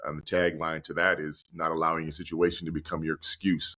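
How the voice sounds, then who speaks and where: A man's voice: a bass voice, level tone, a little fast, bright, forceful tone. A man speaking earnestly and reflectively as a podcast guest and motivational speaker. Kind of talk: conversational interview.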